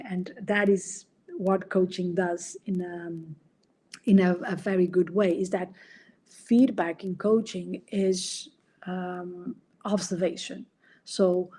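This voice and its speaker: A woman's voice: mid-range voice, dark tone. A middle-aged woman coach and podcast host, explaining ideas in an earnest, casual way and sometimes acting out quoted dialogue.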